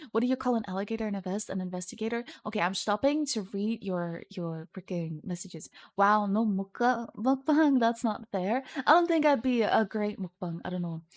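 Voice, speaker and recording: A young woman streaming her art, chatting casually and teasing her viewers as she reads their messages. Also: mid-range voice.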